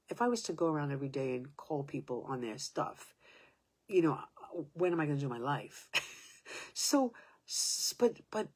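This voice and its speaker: Brief: woman, 70s, low husky voice, halting personal storytelling, breaks into whispers. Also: a little mellow. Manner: halting, restarting sentences, sometimes dropping to a whisper.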